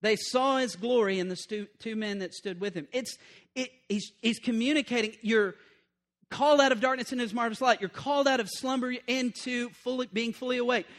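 A high-pitched man delivers a sermon in a lively, conversational way. He repeats key lines, stumbles over restarts, and checks in with his listeners. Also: a little fast. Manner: animated, conversational preaching with repetition and asides. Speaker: preacher.

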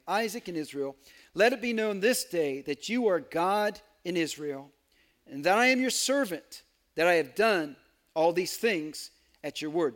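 A man's voice: high voice, fairly bright tone. A man preaching a sermon, reading scripture aloud with earnest emphasis, small stumbles and wry asides. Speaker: pastor.

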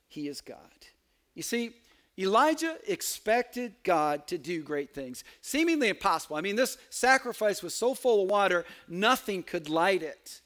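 A man preaching a sermon, reading scripture aloud with earnest emphasis, small stumbles and wry asides. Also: high voice. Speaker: pastor.

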